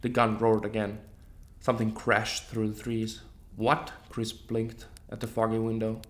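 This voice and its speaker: A man narrating a horror story in a steady, scripted storytelling manner. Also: lowish voice, normal speed, slight background noise.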